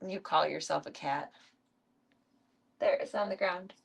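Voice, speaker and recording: A young woman chats casually on her stream while feeding her pets, with a gravelly edge to her voice. She keeps up a chatty patter and calls to the animals in a high coaxing tone. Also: a little slow.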